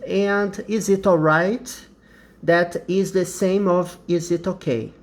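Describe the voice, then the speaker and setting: A man's voice: sits high, steady tone, takes it slowly. A man with a Brazilian Portuguese accent teaching an English lesson, explaining carefully and repeating example sentences.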